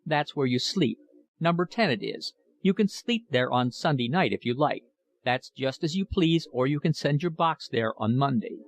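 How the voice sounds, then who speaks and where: A man voicing a pompous, talkative shop manager with a Cockney accent and a high, metallic voice. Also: animated, moderate pace, lightly acted.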